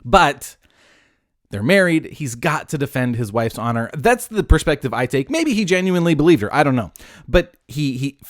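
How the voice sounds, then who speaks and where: Animated, jokey man retelling a story. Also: fairly high pitch, moderate pace, no echo, clean studio sound. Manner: animated, jokey, self-interrupting. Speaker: podcast host retelling Bible stories. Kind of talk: casual retelling with acted voices.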